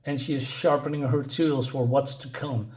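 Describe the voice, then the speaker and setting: A man's voice: medium pitch, fairly even intonation, normal speed, a little mellow. A man reviewing a comic book in a casual, rambling way, full of fillers and small chuckles. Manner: rambling, hesitant, many fillers; chuckles between points.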